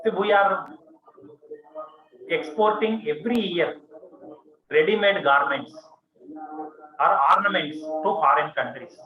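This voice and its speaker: A commerce teacher with an Indian English accent lectures his class, repeating points and checking in with "okay" and "see." His voice is high-pitched, and he speaks slowly with frequent pauses. The classroom recording is muffled, with students present.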